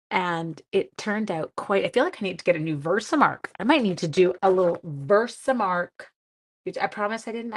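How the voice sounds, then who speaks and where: A woman hosting a casual craft demonstration live stream, chatting with her viewers and reading their comments in a friendly, self-deprecating way. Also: mid-range voice.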